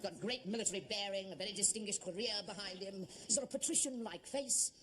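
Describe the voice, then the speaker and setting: An actor playing a fussy amateur theatre director who gushes and stammers. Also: male voice, high-pitched, brisk, fairly bright tone. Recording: noisy old TV soundtrack.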